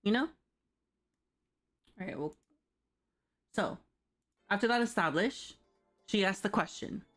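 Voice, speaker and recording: A woman's voice: medium pitch, lively intonation, takes it slowly. A woman streamer giving a casual livestreamed Japanese lesson, chatty and loose, with lots of fillers and a habitual "right?". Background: soft background music.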